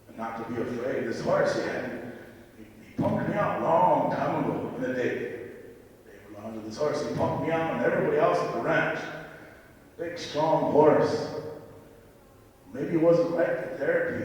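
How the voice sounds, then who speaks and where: A man's voice: mid-range voice, darkish tone, slight background noise. A man from the Dakota region giving a reflective, emotional personal talk about horse therapy at a university event. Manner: earnest, reflective, emotional storytelling. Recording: echoey hall, voice far from mic.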